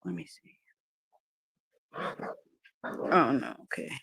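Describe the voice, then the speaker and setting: Speaking slowly in a fairly bright tone, a woman runs a relaxed livestream where she talks with viewers and her dogs. Frequent swearing and fits of laughter punctuate her chat.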